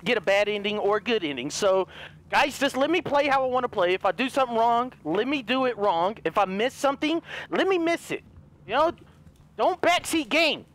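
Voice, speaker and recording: A man doing let's play commentary, excitable, talking to his viewers, yelping and swearing as he plays. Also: sits high. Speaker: gaming youtuber.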